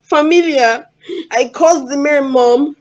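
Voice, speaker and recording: A woman with a Nigerian accent playing a distraught young woman, crying, wailing and shouting. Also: high voice, steady tone, slow, dull audio.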